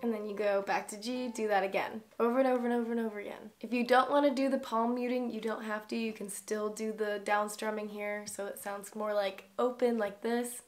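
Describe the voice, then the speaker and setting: A woman's voice: medium pitch, steady tone, a little fast, hardly any pauses. A young woman giving a casual guitar lesson, calling out long and short strums as she plays. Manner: explains strumming patterns, counting long and short. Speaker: guitar teacher. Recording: loud guitar playing throughout.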